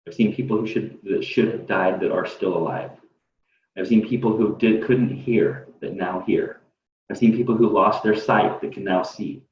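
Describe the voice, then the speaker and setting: A man's voice: lowish voice, steady tone, moderate pace, a little hiss or hum. A man who is a podcast guest, talking earnestly, repeating himself and building to emphatic peaks. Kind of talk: casual chat. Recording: roomy, distant and dull.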